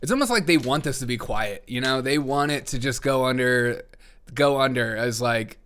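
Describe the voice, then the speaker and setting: A man's voice: mid-range voice, brisk, fairly bright tone. A man hosting a comedy news live stream, talking sarcastically and laughing often. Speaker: host.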